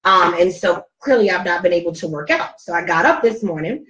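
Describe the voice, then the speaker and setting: A woman's voice: fairly low pitch, expressive, fairly quick, a bit bright. A middle-aged woman hosting a casual talk show, telling a personal story in a heartfelt, emotional way. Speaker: host. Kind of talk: casual chat. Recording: roomy, distant, dull-sounding mic.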